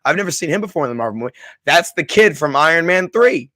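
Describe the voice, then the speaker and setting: He speaks quickly and animatedly in a high-leaning voice that's pushed and bright, with no echo. The man, a streamer hosting live, talks through a film with his chat, effusive and emotional, with many restarts.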